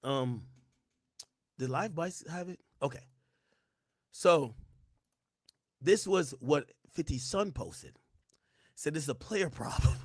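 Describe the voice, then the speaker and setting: A man hosting a livestream, talking casually to chat in slangy speech, hoarse and losing his voice. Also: a little high, no room sound, clean studio sound. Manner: slangy, loose, switches to whispering. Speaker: livestream host.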